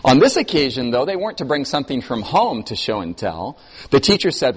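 A man preaching a sermon to a congregation, telling stories expressively and moving between emphatic and soft delivery. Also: mid-range voice, big pitch swings, brisk, husky. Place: church hall. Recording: long hall reverb.

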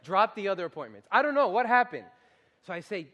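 Young male preacher, high-pitched, animated sermon delivery with hushed storytelling. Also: quick pace. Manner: animated, shifts from loud exhortation to hushed storytelling.

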